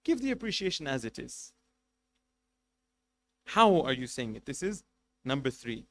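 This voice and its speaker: A man's voice: medium pitch, big pitch swings, measured pace, fairly bright tone. A man giving a religious lecture as a sheikh, making numbered points and asking rhetorical questions with emphasis. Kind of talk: sermon.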